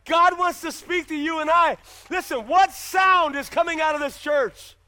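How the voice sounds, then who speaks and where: Very high-voiced, bright male preacher. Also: steady tone, moderate pace. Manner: emphatic preaching with repeated rhetorical questions. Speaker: pastor. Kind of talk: sermon. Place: church.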